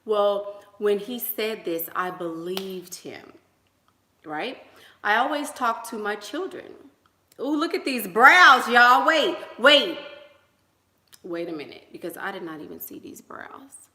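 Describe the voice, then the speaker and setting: A woman's voice: mid-range voice, animated, takes it slowly, bright, forceful tone. Chatty woman on an echoey livestream. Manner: chatty, emphatic, laughs between thoughts. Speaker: relationship coach. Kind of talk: casual livestream chat. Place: room at home, doing her makeup. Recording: echoey room.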